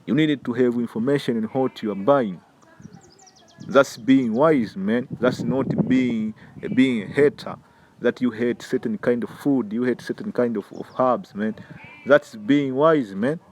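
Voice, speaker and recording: A man's voice: mid-range voice, moderate pace, a little mellow, slight background noise. A man with a Tanzanian accent giving an informal preaching lesson, emphatic and repetitive, often stumbling over repeated words and calling the listener "man". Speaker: religious health teacher.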